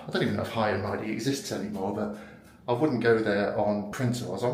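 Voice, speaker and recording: A man's voice: on the low side, fast, hardly any pauses, roomy sound. A British man giving a casual, rambling, self-mocking vlog tour of a hotel room, filmed on a handheld camera. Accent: British English. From United Kingdom. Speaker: vlogger.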